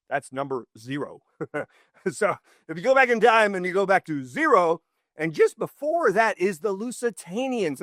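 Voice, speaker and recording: A man hosting a casual history talk show, rambling, with frequent restarts and lively swings in emphasis. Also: no echo, studio quality. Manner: rambling, restarts often, animated swings in pitch. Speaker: podcast host.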